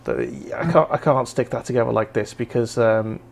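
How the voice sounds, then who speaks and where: A man's voice: medium pitch, huge pitch swings, moderate pace, vocal fry. A man hosting a casual hobby stream, rambling and easygoing as he chats. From North East England. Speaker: stream host. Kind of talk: casual chat. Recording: faint background noise.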